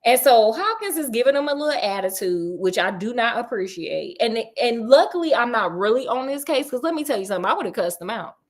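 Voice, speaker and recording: A woman's voice: on the high side, big pitch swings, fairly quick, hardly any pauses. A woman retelling a classic detective story in a casual, slangy, joking way with playful asides.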